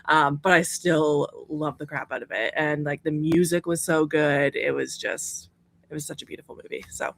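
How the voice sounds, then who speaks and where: Woman with a gravelly, soft voice. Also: low-pitched, fairly even intonation, moderate pace. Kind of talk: casual movie review chat.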